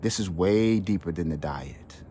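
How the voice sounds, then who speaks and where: Earnest, low-pitched man for a heartfelt monologue, casual slang, light background hum. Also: a little slow, dark tone. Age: adult with children. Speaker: wellness channel host. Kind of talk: heartfelt personal storytelling.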